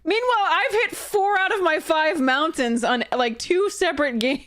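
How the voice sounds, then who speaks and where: A young woman commentating her own card game matches, swearing and laughing in frustration, swinging from exasperated outbursts to flat mutters. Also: extremely high pitch, moderate pace, few pauses. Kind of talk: casual gameplay commentary.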